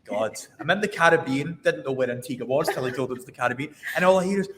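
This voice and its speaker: A man's voice: medium pitch, quick pace, fairly bright tone. A Scottish man hosting a casual podcast chat, laughing along with his guest. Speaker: podcast host. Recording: long hall reverb with faint noise.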